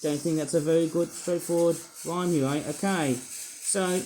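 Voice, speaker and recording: A man's voice: a little high, fairly even intonation, moderate pace, mellow, slight background noise, rough recording. A man reviewing toy figures and rambling with puns and fillers as he unboxes them. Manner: rambling, punning, full of fillers. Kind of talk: unboxing commentary.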